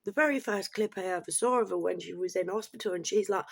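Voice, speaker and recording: A middle-aged vlogger talks straight to camera in a blunt, sweary, rambling rant. The voice is husky and breathy, pitched in the middle. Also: fast, few pauses, no room sound. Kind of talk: casual opinion rant to camera.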